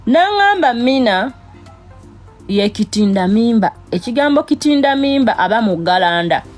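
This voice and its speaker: A woman speaking in a measured, earnest way to her followers. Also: fairly high pitch, very animated, faint music behind. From Uganda. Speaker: TikTok creator. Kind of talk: apology talk to camera.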